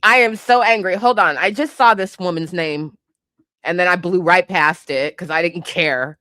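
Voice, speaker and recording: A woman with a lowish but bright, forceful voice whose pitch swings widely as she riffs. She delivers comedic pop-culture commentary in an incredulous, profane way, at an unhurried pace. The sound is dry and close. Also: no room sound. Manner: animated, incredulous, bursts of laughter, profane asides. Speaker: host.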